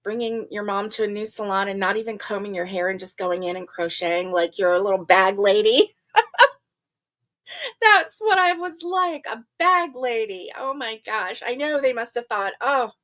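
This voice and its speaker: A woman's voice: mid-range voice, expressive, moderate pace, a bit bright. An older woman hosting a casual live stream, chatting, laughing often and greeting viewers by name. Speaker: livestream host.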